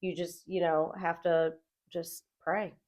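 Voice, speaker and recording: Casual female co-host, middle-aged, animated storyteller, plays out the voices. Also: on the low side, slow pace. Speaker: podcast co-host.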